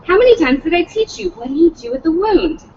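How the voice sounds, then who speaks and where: A woman's voice: extremely high pitch, big pitch swings, fast talker, a little mellow, lo-fi sound, a little hiss or hum, voice pushed up. A woman reading the part of a scornful old fencing master who scolds with contempt. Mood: scolding.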